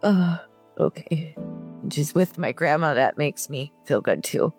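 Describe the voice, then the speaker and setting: A woman from California calling into a radio show, answering quietly and hesitantly with emotion. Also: sits low, expressive, measured pace, soft background music. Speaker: caller. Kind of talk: phone-in conversation.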